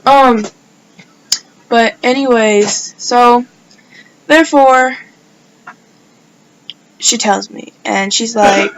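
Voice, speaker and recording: A woman's voice: fairly high pitch, extremely slow, long pauses, rough recording. A woman telling a personal story in a casual vlog, rambling and filling her speech with "like". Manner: rambling, filler-heavy storytelling with many "like"s. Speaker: vlogger.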